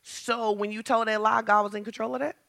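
A woman pastor preaching a lively sermon, asking the congregation questions and building to shouts. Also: a little high, a little fast, gravelly. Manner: talks straight to the congregation with questions.

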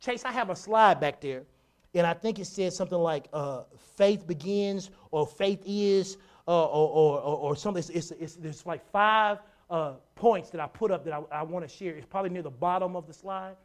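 A pastor delivering a sermon with a mid-range voice, speaking casually and with emphasis. Key lines are repeated for effect, with stammered restarts along the way. The delivery climbs from hushed asides to loud, driving stretches. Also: mid-range voice, moderate pace. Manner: builds from quiet to loud passages.

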